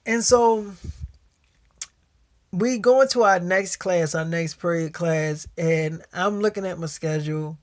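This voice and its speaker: A man's voice: sits high, unhurried. A man telling a personal story in a casual, slangy way, full of profanity and quoted back-and-forth dialogue.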